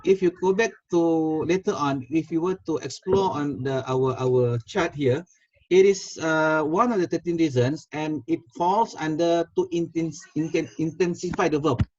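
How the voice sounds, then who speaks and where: A man's voice: fairly high pitch, moderate pace, darkish tone. A man with a Malaysian accent teaching a Quranic Arabic class over a video call, switching between Malay and English, repeating words and quizzing his students. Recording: dull lo-fi video call audio.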